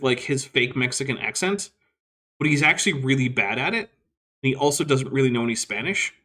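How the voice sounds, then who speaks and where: A man's voice: mid-range voice, fairly bright tone. A man hosting a casual livestream, reading viewer comments with wry, skeptical asides. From United States. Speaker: host.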